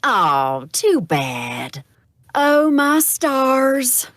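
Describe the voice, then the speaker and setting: Game casting: prim Southern belle, sweet drawl, slow and sing-song, voiced by a woman. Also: sits high, big pitch swings, fairly bright tone, no room sound, studio quality, voice pushed up, exaggerated voice.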